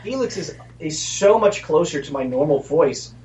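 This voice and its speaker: Man on a convention panel, lively pitch, laughing asides, heard from off the mic in a large hall. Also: distant mic, highs cut off. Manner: animated, laughing, quick asides. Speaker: voice actor on a panel. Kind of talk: casual panel talk.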